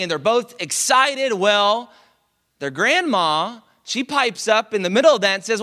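Man, pastor, sermon storytelling, animated, dramatic pauses, high-pitched.

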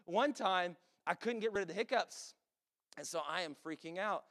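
A man's voice: high-pitched, normal speed, fairly bright tone. A man in his thirties preaching a sermon as pastor, casual and conversational with joking asides.

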